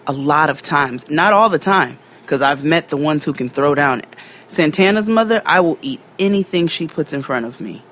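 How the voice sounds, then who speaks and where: A woman co-hosting a podcast in casual chat, loud and animated, swearing freely and quick to laugh. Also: deep voice. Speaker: podcast co-host.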